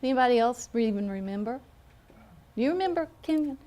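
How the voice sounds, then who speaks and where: A woman's voice: a little high, animated, mellow. A woman with a Southern American accent, teaching a phonics class in a classroom and checking in with a patient "okay?". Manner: slow, patient, with frequent "okay?" check-ins. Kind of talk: classroom lesson.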